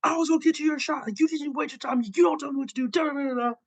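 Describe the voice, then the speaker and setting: A man's voice: extremely high pitch, rapid-fire, creaky, pitched above the performer's own voice. A man putting on the voice of an angry, domineering male wrestling boss who scolds and rants. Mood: scolding. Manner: ranting, scolding.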